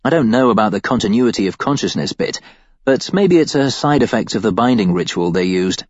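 A man with a lowish voice reads a first-person story with a wry, deadpan edge. The recording is dry and slightly dull, close to the mic. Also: a little fast, dry recording. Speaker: audiobook narrator. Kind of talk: first-person audiobook narration.

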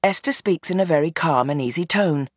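A woman reading a novel aloud in measured, tense scripted narration. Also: deep voice, husky, dry recording, clean studio sound. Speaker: audiobook narrator.

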